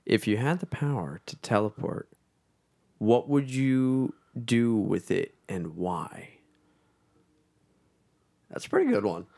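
A man's voice: on the low side, lively intonation, takes it slowly, gravelly, long pauses, a little mellow. A man co-hosting a podcast, blunt and dismissive, swearing casually as he runs the topics. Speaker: podcast co-host. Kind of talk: casual crude banter.

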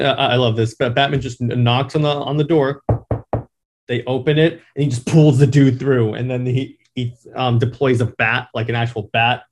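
A man's voice: medium pitch, a little mellow. A man rambling through a comic recap. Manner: enthusiastic, rambling, halting. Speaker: comic book reviewer. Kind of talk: casual plot recap.

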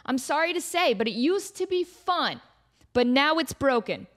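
A young woman with a fairly high, slightly bright voice hosts a comedic podcast monologue at normal speed. She's very animated, wandering from tangent to tangent, laughing often with a loose, joking delivery.

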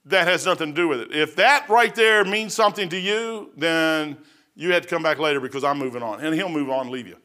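Older man preaching, folksy storyteller, bright forceful voice, pitch a bit high. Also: a little fast. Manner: folksy, animated, acts out other people's voices. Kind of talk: testimony-style sermon, storytelling.

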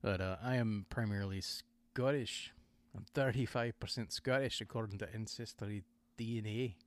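A man's voice: lowish voice, moderate pace, no echo. A man hosting a podcast in casual chat, rambling and digressing, often correcting himself mid-sentence. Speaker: podcast host.

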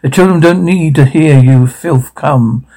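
A cold, haughty queen who speaks with scorn, as read by a man from a script. The voice is a little high for a man but sounds mellow and full of fry. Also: unhurried. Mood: scornful.

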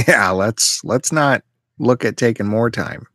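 A man's voice: medium pitch, slow pace, a bit bright, dry recording. A man hosting a casual podcast chat, bantering and teasing his co-host with dry humor.

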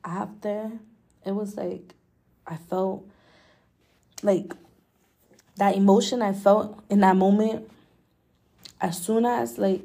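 A young woman with a low, gravelly voice and a mellow, dark tone, speaking candidly and emotionally. She hosts her own podcast, swears freely and leans on "like" as she talks through a personal story. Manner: candid, emotional, swears often, many filler likes. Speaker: podcast host.

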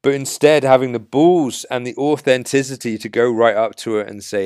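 A man's voice: medium pitch, steady tone, normal speed, few pauses, a little mellow, clean tone, dry recording, studio quality. A man hosting a podcast, giving blunt, assertive dating advice in an emphatic monologue. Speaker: dating coach podcast host.

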